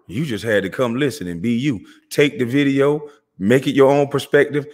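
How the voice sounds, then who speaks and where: A man's voice: mid-range voice, normal speed, darkish tone. Man ranting confrontationally at critics. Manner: confrontational, mocking, calls listeners out directly; street slang, repeats himself. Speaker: channel host. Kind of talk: heated ranting monologue.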